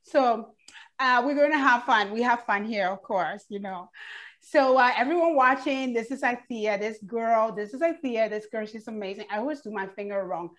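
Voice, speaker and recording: A woman's voice: on the high side, moderate pace, fairly bright tone. A woman hosting an online show, talking in an upbeat, enthusiastic way and laughing often. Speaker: show host. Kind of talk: casual chat.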